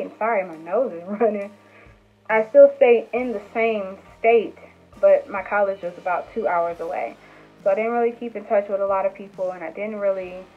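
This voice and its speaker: A young woman telling a personal story to her camera, chatty and animated, full of fillers and acted-out quotes. Her voice sits in a middle range and comes through a thin, phone-like channel. Faint music plays behind her. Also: medium pitch. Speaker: vlogger. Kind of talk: casual storytelling.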